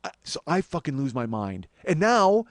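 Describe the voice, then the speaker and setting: A man in his forties, a comedian and podcast host, telling a story as a monologue. He swears a lot and swings between loud outbursts and low asides. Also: sing-song, moderate pace, no room sound, studio quality. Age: 40s.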